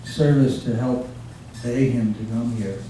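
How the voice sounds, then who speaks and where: A man with a dark, mellow voice rambles through devotional stories, stopping and restarting as he remembers. He is picked up from a distance in a very echoey room, with a faint hiss underneath. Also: medium pitch. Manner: rambling, halting with many fillers and restarts. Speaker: guest speaker. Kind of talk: informal devotional remembrance talk. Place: devotees' home, recorded from across a room.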